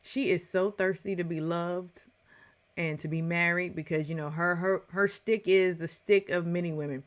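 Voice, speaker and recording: A woman commenting on a reality show in a casual, opinionated rant, animated and quick to act out other people's lines. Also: fairly low pitch. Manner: opinionated, animated, puts on voices when quoting.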